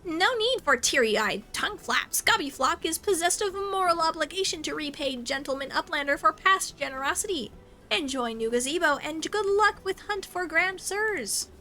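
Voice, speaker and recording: A woman's voice: extremely high pitch, animated, moderate pace, sharp tone, pitched above the performer's own voice, heavily acted. A woman voicing a small, cheerful goblin leader in a game who talks in clipped, broken grammar. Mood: chirpy.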